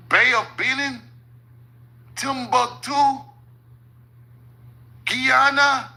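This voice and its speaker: High-pitched, gravelly man, slow talk. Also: lively intonation, bright, forceful tone, low-quality recording. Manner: profane, repeats "hold on", laughs at his own points. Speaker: channel host. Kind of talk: casual commentary over maps.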